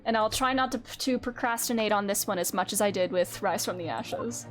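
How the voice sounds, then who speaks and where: A woman's voice: medium pitch, fairly quick, few pauses, over music. A woman streamer chatting casually and rambling while she plays a courtroom game.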